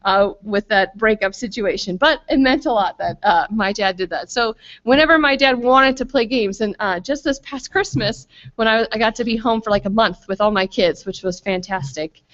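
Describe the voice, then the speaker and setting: A woman's voice: mid-range voice, moderate pace, fairly bright tone. A woman in her thirties speaking at a family retreat, chatty and self-deprecating, full of fillers and asides. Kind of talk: casual faith talk with stories. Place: school retreat hall. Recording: slightly muffled lo-fi recording.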